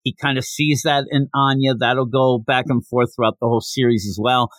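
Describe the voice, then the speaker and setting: In a dry recording, a podcast host runs through a manga chapter in a mid-range voice at a moderate pace. His casual recap is animated, and he often jumps into character voices.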